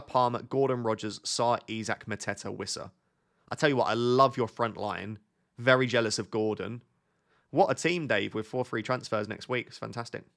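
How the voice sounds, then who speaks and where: A man's voice: medium pitch, fairly bright tone. A man chatting casually on a live stream, reading out viewer questions and answering them. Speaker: fantasy football streamer.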